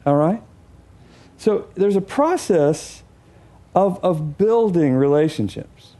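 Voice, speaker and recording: A man giving a teaching talk to an audience, animated and acting out examples as he speaks. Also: high voice, slow pace.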